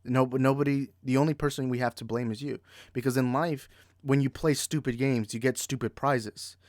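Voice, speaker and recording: A man in full rant mode, angry and heated, swearing freely and tripping over his own restarts. His voice sits at an ordinary middle pitch. The sound is close and dry, with no room around it. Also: steady tone, normal speed, a little mellow, no echo. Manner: repeats and restarts in bursts. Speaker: movie podcast host. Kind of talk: ranting commentary.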